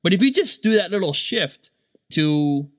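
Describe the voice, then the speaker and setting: A very animated, high-voiced man in his thirties, a dad who runs a business, delivers a casual monologue at a measured pace. He fills it with fillers and "right?" checks, and the studio-quality audio has no echo.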